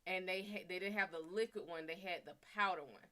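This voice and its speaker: Bright-voiced woman telling a story on a stream. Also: lowish voice, brisk. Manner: profane, chatty, talks to viewers. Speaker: livestream host. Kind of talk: casual storytelling on a livestream.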